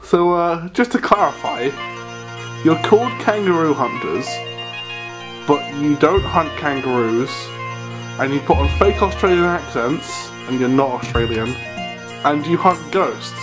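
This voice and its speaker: A man playing a skeptical interviewer with a slightly high voice, pressing with dry questions. Music plays clearly underneath. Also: expressive, measured pace, rough recording.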